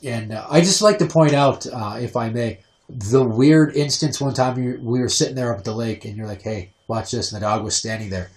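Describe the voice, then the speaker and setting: A young man hosting a podcast, telling crude, sarcastic stories full of swearing and sometimes mimicking his mother in a shrill voice. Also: brisk. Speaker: podcast host. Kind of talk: crude comedic storytelling.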